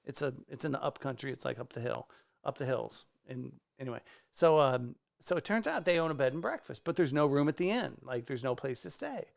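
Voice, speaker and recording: Gravelly man telling a lively story. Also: medium pitch, fairly quick. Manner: animated, acts out quoted people, swears freely. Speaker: guest comedian. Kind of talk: casual storytelling. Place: podcast studio.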